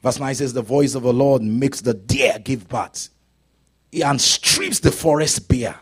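A male preacher delivering a sermon in a church service, swinging from loud, rising exclamations down to hushed, whispered lines. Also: mid-range voice, a little slow, breathy edge. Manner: dramatic swings from shouting to quiet whispers.

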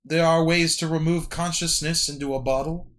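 A lofty, weary computer oracle answers with slow, dry condescension in a raised voice, as a man puts her on during a tabletop game. Each reply sounds faintly bored. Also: fairly high pitch, fairly even intonation, a bit bright, voice pushed up, lightly acted. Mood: dry condescending. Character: aloof, weary female supercomputer oracle.

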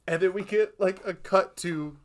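A man co-hosting a film podcast, retelling scenes in a rambling, animated way with acted-out quotes. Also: sits high, normal speed. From lives in Boston. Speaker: podcast co-host. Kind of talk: casual film discussion.

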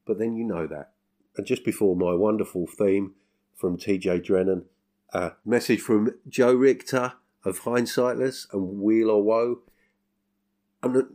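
A man's voice: on the low side, dark tone. An English man hosting his podcast in a casual, self-mocking monologue, chuckling often. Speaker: podcast host.

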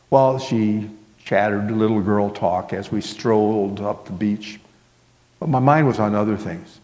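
A man's voice: fairly low pitch, measured pace, dark tone. A male pastor telling a story in a sermon, in a folksy way that fills it with "well" and "kinda". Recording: long hall reverb.

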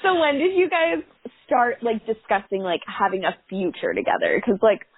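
Gushing young woman, husky and high. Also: sing-song, normal speed, dry recording. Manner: gushing, lots of reactions. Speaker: podcast host. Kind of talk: casual chat. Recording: phone-like narrow sound.

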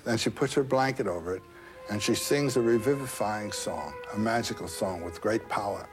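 A man retelling a folk tale in an interview, animated and digressive, with a scholarly turn. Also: on the low side, normal speed, faint music behind. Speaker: guest storyteller.

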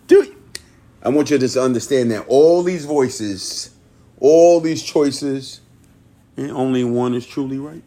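Hosting a motivational podcast, a man gives a dramatic, repetitive pep talk and keeps laughing between his lines. His voice has a dark tone and medium pitch, and he takes his time.

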